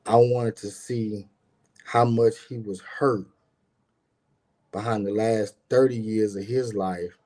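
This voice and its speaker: A man's voice: on the low side, fairly even intonation, slow pace, long pauses, darkish tone. A man telling a personal story in casual talk, rambling and repeating words, acting out the people he quotes. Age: adult with grown son.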